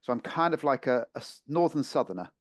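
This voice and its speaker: A man's voice: mid-range voice, expressive, quick pace, no echo, clean studio sound. A man in his fifties from Portsmouth hosting a local radio interview, chatty with frequent fillers. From Portsmouth, England. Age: 50s. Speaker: radio host.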